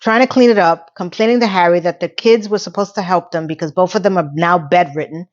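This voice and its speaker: Speaking fairly quickly in a lowish voice, this TV recap YouTuber rambles casually with sarcasm and playful exasperation. The recording has a slightly dull, lo-fi sound.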